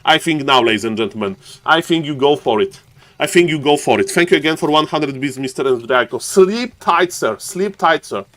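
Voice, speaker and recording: A man from Poland with a thick Polish accent, giving live esports commentary for a stream audience and often calling out to "ladies and gentlemen" with jokey asides. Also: medium pitch, fast talker. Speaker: esports caster.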